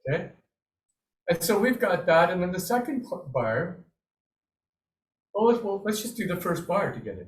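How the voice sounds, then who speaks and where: Over roomy, slightly distant video call audio with a faint hiss or hum, a man gives an online snare drum lesson. He speaks at normal speed in a high, very animated voice. Upbeat and encouraging, he goes through the scores and sings out the rhythms.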